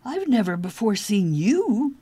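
A woman's voice: medium pitch, big pitch swings, measured pace, dark tone, husky, no echo. A woman voicing a flustered young man who protests indignantly in a raised voice. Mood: protesting.

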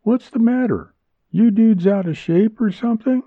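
A man's voice: fairly high pitch, very animated, a little slow, slightly rough, no echo, pitched above the performer's own voice, full character voice. A man voicing a playful, teasing adult woman in a cheerful manner, in a tinny, phone-like recording. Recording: tinny phone-like dry sound.

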